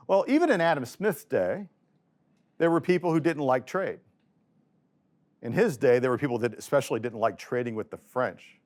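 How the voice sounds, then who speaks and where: A man giving an economics lecture in a relaxed, conversational way, voicing quoted people with a lifted pitch. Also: moderate pace. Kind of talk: casual video lecture.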